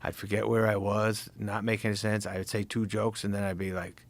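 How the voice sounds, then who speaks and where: Gravelly man telling profane stories. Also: fairly low pitch, moderate pace. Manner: profane, animated storyteller acting out old conversations. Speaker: comedian guest. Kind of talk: casual podcast chat.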